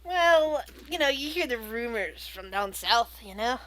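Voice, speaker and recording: A woman voicing a pipe-smoking male satyr villager in a tabletop game, talking in a hesitant, halting way. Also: fairly high pitch, lively intonation, fairly bright tone. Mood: easygoing. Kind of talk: tabletop role-play voice.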